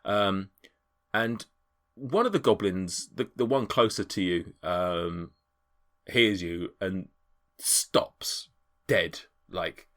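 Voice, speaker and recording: A man's voice: low-pitched, slow pace, a bit bright. A man narrating a tabletop game as game master, rambling and hesitant with many ums.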